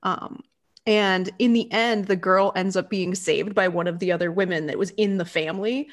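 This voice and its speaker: Big pitch swings mark the way this animated woman performs others' lines while hosting a casual talk about a film. She laughs frequently throughout.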